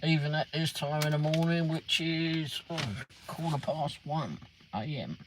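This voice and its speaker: A man's voice: a little high, a little slow, fairly bright tone, slight background noise, rough recording. A man live-streaming late at night, chatting casually, greeting viewers by name and answering the chat.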